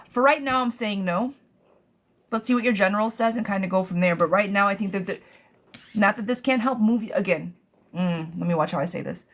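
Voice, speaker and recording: A woman doing a live-stream tarot reading, answering viewers' questions in a chatty, blunt way, swearing freely and calling them girl and love bug. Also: mid-range voice. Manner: gets riled up and rants, then calms herself. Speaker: tarot reader.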